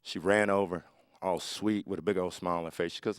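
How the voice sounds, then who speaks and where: A man's voice: sits low, normal speed, smooth. A man in his forties doing a stand-up comedy set, telling stories with acted-out voices. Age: 40s. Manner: lively storytelling with acted-out voices.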